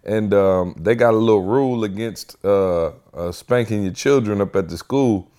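A man hosting a casual podcast, telling a family story with lively energy and acting out what people said. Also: on the low side, moderate pace. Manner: animated storyteller, acts out quotes. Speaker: podcast host.

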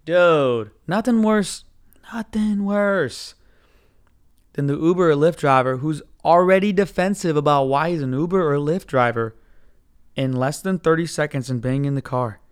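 A man with a smooth, clear voice pitched a little high tells a story as a podcast host. He rambles and swears casually, and he slips into other people's voices as he goes. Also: brisk.

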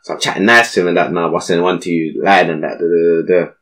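A young man, telling a slangy, animated story as a podcast co-host. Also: deep voice, fast talker. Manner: animated, slangy, acts out voices in his stories. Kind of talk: casual storytelling chat.

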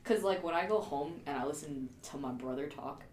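A woman's voice: low-pitched, a little fast, a little mellow. A young American woman from Maryland, co-hosting a podcast in casual chat, giggly and full of "like" and "um". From Prince George's County, Maryland, USA. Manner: giggly, lots of "like" and "um". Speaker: podcast co-host. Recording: echoey room with faint background noise.

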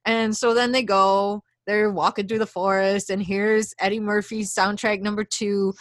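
A woman's voice: medium pitch, level tone, normal speed, few pauses, no echo. Rambling woman retelling a film. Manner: rambling storyteller, acts out lines, frequent fillers. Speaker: podcast co-host. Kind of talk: casual film recap chat.

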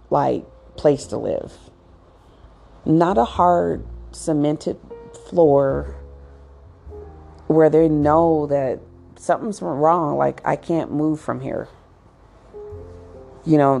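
A woman rambles casually to her viewers, breaking into little acted asides and restarting her sentences. She talks slowly in a dark, mellow tone with a heavy gravelly rasp. Faint music plays under her. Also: low-pitched. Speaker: pet owner giving advice. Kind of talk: casual monologue.

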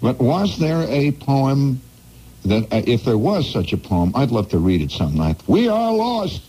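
Male radio host from the Midwest, husky and dark-toned, rambling wry monologue over faint music. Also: medium pitch, animated, measured pace, poor audio. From American Midwest. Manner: wry, digressive, playful asides.

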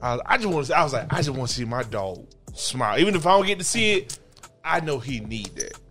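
A man's voice: mid-range voice, sing-song, fast talker, sharp tone, soft background music. A young man co-hosting a podcast, teasing his friend and laughing in casual chat. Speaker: podcast co-host.

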